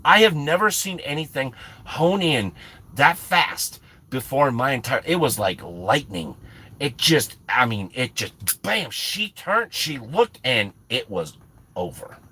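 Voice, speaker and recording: A man with a husky, bright voice tells a comic story to his viewers. He talks slowly, but his pitch swings a lot, and he sounds animated and exasperated. He often breaks off and restarts his sentences. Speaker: channel host.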